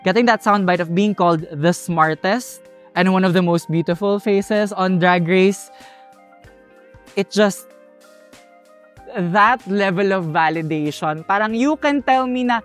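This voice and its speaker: Brief: young Filipino-accented drag host, animated, playful, emotional in casual podcast chat. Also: female voice, medium pitch, unhurried, faint music behind.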